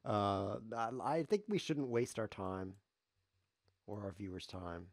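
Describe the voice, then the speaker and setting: Male chess streamer, sarcastic and self-mocking, low voice that swings up and down a lot, dry close sound. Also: lively intonation, slow, no room sound. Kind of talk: live-stream chess commentary while playing.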